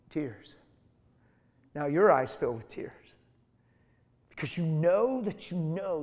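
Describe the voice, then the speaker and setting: Animated male preacher in a reverberant hall. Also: fairly high pitch, slow pace, long pauses. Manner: animated storytelling, acts out voices. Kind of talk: sermon. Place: large hall with long reverb.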